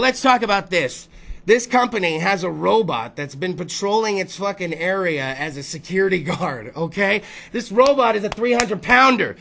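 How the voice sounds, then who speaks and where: A man's voice: high voice, pushed and bright. A man hosting a talk show, riffing through rowdy, profane comedic bits and putting on voices for the stories. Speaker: podcast host.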